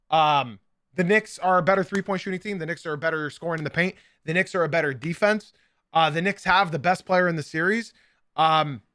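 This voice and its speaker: A man hosts a casual sports livestream and chats straight to his viewers. His voice sits high and bright, with frequent ums and loose asides. The sound is dry and close. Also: no room sound. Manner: chatty, filler-heavy, talks straight to chat. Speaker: podcast and stream host.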